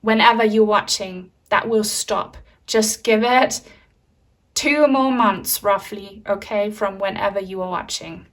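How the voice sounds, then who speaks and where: A woman's voice: medium pitch, a little slow, a bit bright, distant mic. Chatty woman reading tarot, mic set back. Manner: chatty, reassuring, frequent fillers. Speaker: tarot reader. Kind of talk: pick-a-card tarot reading.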